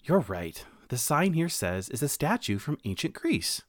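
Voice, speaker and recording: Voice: mid-range voice, sing-song, a little slow, no echo, clean studio sound. A storyteller voicing a shy, thoughtful young male mouse in a children's storybook. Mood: earnest. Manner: gentle, earnest.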